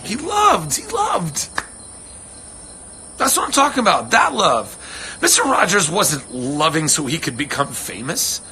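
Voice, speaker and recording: Bright-voiced man rambling on a livestream. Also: on the high side, big pitch swings, moderate pace, a little hiss or hum. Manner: rambling, earnest, swears freely. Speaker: livestream host answering fans. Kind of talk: casual livestream chat. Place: home on a ranch.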